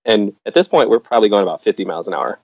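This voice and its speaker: A middle-aged man with a fairly low voice tells a personal story with lively energy, slipping into the voices of other people as he goes. The recording is dry and a bit dull and lo-fi, with little room sound. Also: rapid-fire, vocal fry, no room sound. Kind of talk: personal anecdote told to a live audience.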